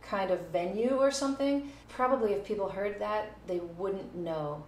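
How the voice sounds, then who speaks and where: A woman with a mid-range, slightly mellow voice talks at a moderate pace while playing in a casual music lesson video. She's a music teacher who now and then counts out beats and scats short phrases. The echoey room has a faint noise.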